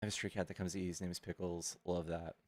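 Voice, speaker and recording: A man's voice: low voice, flat delivery, rapid-fire, dry recording. A man streaming casual chat, blunt and mocking with callers and doting on his dog. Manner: blunt, mocking, trash-talking; doting, silly baby talk to his dog.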